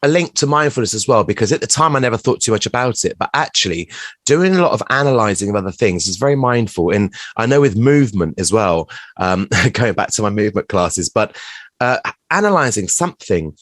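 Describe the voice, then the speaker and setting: A man's voice: on the low side, lively intonation, fairly quick, fairly bright tone, no echo. Middle-aged man, podcast host, casual and self-mocking, dry close sound. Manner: chatty and self-mocking, laughing at his own stories.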